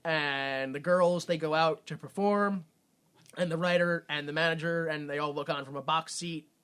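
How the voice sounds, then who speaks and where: Bright-voiced excitable man recapping a movie. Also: fairly high pitch, moderate pace, clean tone. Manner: rambling, excitable storytelling with many restarts. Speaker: podcast host. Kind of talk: casual comedic movie recap. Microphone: podcast microphone.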